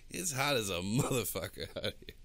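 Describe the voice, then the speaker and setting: A man's voice: lowish voice, expressive, fairly quick, creaky, fairly bright tone, a little hiss or hum. A man co-hosting a podcast in a studio, talking crudely and boastfully with lots of laughter. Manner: profane, boastful, laughs a lot. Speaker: podcast co-host. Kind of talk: crude casual chat. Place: recording studio.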